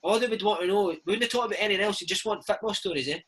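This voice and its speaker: Scottish guy in his thirties, animated storyteller, bright voice with some husk, slightly high. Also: very fast, slightly rough. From Scotland. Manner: chatty, animated storytelling with frequent "mate" and "man". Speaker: interview guest, former footballer and podcast host. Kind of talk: casual chat.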